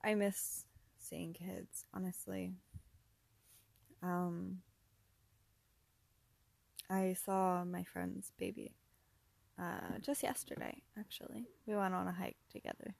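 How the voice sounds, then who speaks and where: A young woman talks slowly through a casual solo podcast ramble, her voice gravelly with fry. She laughs often and sometimes sinks into a whisper. The sound is dry and close. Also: on the low side, animated, darkish tone, no room sound. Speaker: podcast host.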